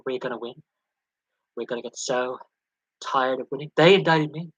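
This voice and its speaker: A man's voice: medium pitch, moderate pace, heavy background noise, natural voice. A man doing a boastful old politician impression. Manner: bragging, repetitive, self-pitying. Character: boastful older male American politician.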